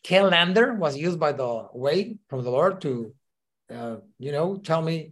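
A man with as his tells his story as a podcast guest. He leans on lots of "uh" fillers and acts out the voices of the people he quotes. His voice sits a little higher than most men's. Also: expressive, measured pace, breathy edge. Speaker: ministry leader, guest. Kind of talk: casual interview storytelling.

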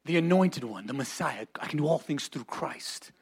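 A man preaching a sermon as pastor, building to shouted lines and calling on the congregation to repeat after him. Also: on the high side, animated, moderate pace, vocal fry, breathy edge. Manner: preaching, often rising to shouts, calls for congregation responses.

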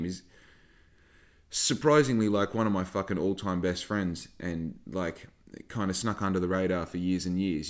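A young man with a deep, low-pitched voice talks frankly on his podcast. His delivery is casual and meandering, sprinkled with swearing and asides as he circles back to his point. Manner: swears freely, rambling and frank. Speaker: podcast host and small business owner. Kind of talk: casual rambling monologue.

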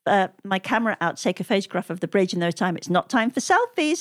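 A woman's voice: medium pitch, sing-song, quick pace, hardly any pauses, dry recording, studio quality. A woman telling stories as an interview guest, chatting freely, laughing often and quoting the people she met. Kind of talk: conversational storytelling.

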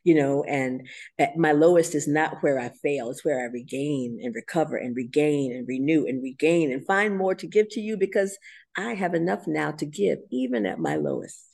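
A middle-aged woman with a low-pitched voice, talking in a podcast interview. She tells her stories with animated emotion and laughs often. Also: normal speed, creaky. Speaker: guest choreographer and dancer.

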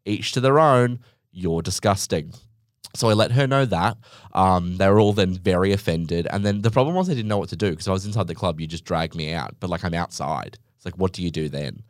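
A man's voice: sits low, fast, dry recording, studio quality. A young man hosting a podcast, telling a rambling, sarcastic story full of "like" and asides. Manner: sarcastic, rambling, heavy use of "like". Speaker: podcast host. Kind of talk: casual storytelling monologue.

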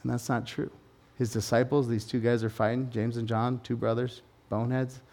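A man preaching a sermon at a church service, swinging from loud, urgent proclaiming to low conversational asides and jokes. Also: flat delivery, moderate pace. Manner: informal, joking tangents with everyday examples. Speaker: pastor.

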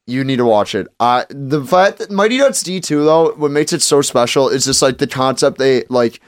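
A man chatting casually as co-host, his talk animated and rambling, full of fillers and restarts. His voice sits at a middle pitch. The sound is dry and close, with no room around it. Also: normal speed, no echo. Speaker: podcast co-host. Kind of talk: casual chat.

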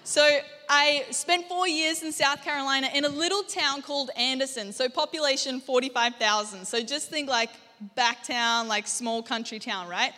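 A young Australian woman, a guest preacher, delivers a chatty, conversational sermon in a church auditorium, joking with the congregation and quizzing them. Her voice sits high and sounds pushed and bright, moving at a moderate pace through the large hall.

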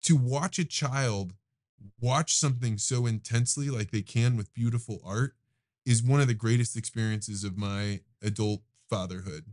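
A man of middle pitch hosts a podcast in a relaxed, reflective tone. He rushes through some phrases and stretches out others as he thinks aloud. His delivery stays earnest and conversational. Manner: reflective storyteller, eager, speeds up and slows down. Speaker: podcast host. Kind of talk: casual conversation.

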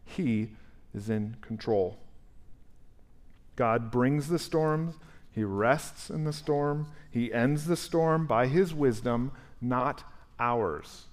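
A male pastor preaching a conversational, animated sermon and asking the congregation questions in a church sanctuary. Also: medium pitch, slow pace.

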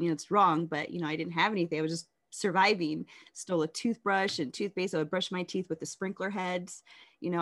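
Her voice on the low side, a woman reflects candidly on her life story during an interview, repeatedly breaking off and beginning again.

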